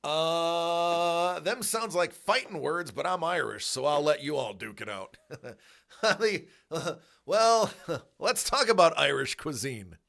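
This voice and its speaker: A man's voice: on the high side, expressive, slow, creaky, fairly bright tone. A man hosting a livestream, chatting casually and rambling through tangents with fillers and laughter. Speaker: livestream host.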